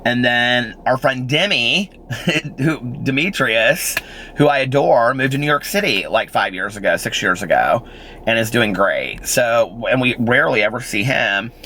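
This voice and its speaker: A man's voice: medium pitch, expressive, a little slow, sharp tone, a little hiss or hum. A man in his forties telling a rambling personal story in a casual vlog, full of fillers and little laughs. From Indiana, United States. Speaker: vlogger.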